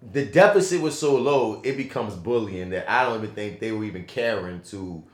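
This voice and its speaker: Casual male podcast co-host, deeper voice, lively and profane, roomy echo. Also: brisk. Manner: animated and profane, with slangy emphatic asides. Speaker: podcast co-host reviewing a film. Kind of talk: casual chat.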